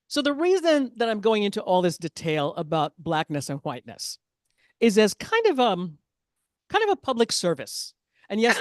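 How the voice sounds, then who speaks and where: A woman's voice: medium pitch, no echo, clean studio sound. A woman performing a stand-up comedy set, chatty and self-deprecating, with asides to the audience.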